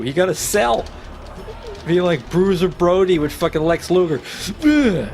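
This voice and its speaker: A man streaming a wrestling video game, reacting loudly and swearing as he plays. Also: sits high, unhurried, a little hiss or hum. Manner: excitable, swearing, trash-talking the game. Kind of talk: profane live gameplay commentary.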